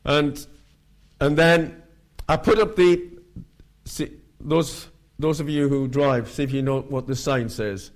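A man preaching, telling street-evangelism stories in a lively way. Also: a little high, slow pace. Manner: animated, acts out quoted voices. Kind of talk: sermon with storytelling.

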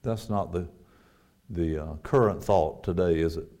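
A man preaching a sermon, earnest, climbing to emphatic peaks and then dropping quiet, reading scripture in a measured cadence. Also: sits low.

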